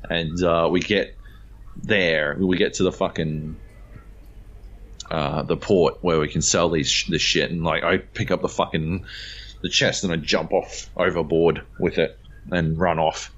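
Speaking a little slowly in a low voice, this gaming podcast co-host tells a story in casual chat, swearing freely and acting out voices with animation. The audio is dull and lo-fi.

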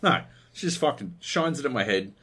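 A man's voice: mid-range voice, animated, fairly quick, a bit bright, slightly rough. A man hosting a podcast, telling a long, profane, rambling anecdote in casual chat. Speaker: podcast host.

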